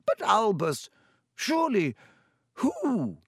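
A man voicing a stern, older female professor in an audiobook, in a crisp, urgent, clipped way. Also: high voice, very animated, normal speed, no echo, studio quality, voice pushed up, full character voice. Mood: pressing. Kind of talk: audiobook character voice.

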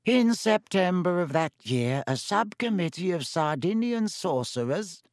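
A man voicing an ancient, shriveled ghost professor who speaks in a dry, wheezy, slow lecturing drone. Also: high-pitched, big pitch swings, no echo, pitched above the performer's own voice, heavily acted.

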